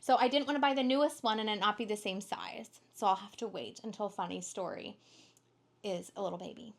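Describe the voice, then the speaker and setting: A woman's voice: mid-range voice, fairly quick. A young woman co-hosting a book haul video, chatting casually and bubbly, with lots of "like" and the odd swear word. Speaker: booktuber co-host. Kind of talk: casual chat.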